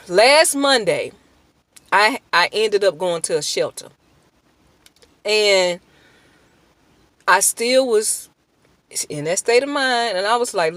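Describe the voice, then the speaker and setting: A woman's voice: mid-range voice, lively intonation, slow, pauses often, a bit bright, no echo. A woman giving a personal faith testimony in earnest, emotional, informal speech, breaking into prayer. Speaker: testimony speaker.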